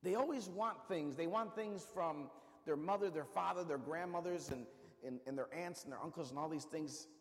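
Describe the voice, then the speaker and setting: A man's voice: on the high side, normal speed, big-room sound. A man preaching a sermon, emphatic and repetitive, calling out to the congregation.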